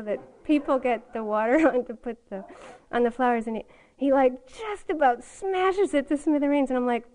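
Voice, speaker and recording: A woman's voice: high voice, darkish tone, smooth, low-quality recording. Older woman telling a story with laughs. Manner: laughing often, storytelling with quoted asides. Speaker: meditation teacher. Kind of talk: dharma talk, personal story. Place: meditation retreat hall.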